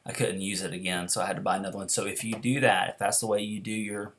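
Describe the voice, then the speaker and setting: A man's voice: on the low side, level tone, quick pace, fairly bright tone, a little hiss or hum. A man giving a casual, rambling how-to talk about his backpacking water setup, with fillers and restarts. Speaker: backpacking vlogger.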